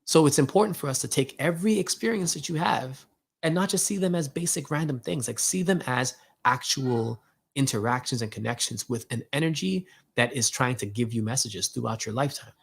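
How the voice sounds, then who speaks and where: A man with a gravelly, creaky voice at an ordinary middle pitch, talking through a personal story in loose, slangy speech. He animates both sides of the exchange and fills his sentences with "like" and "yo." He is reflecting on what the encounter meant spiritually. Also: a little fast. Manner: casual slangy talk, many "like" and "yo" fillers. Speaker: host.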